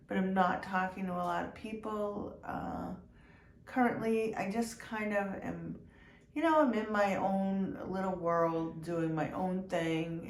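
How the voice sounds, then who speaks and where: A woman giving a heartfelt personal update to her viewers, congested from a cold, talking slowly with many ums and restarts. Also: on the low side. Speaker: vlogger. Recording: echoey room with faint noise.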